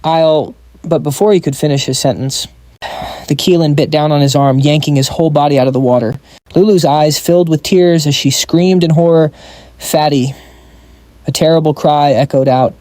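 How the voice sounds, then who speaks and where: A man giving brisk scripted narration of a comic recap. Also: on the high side, steady tone, warm tone, no echo.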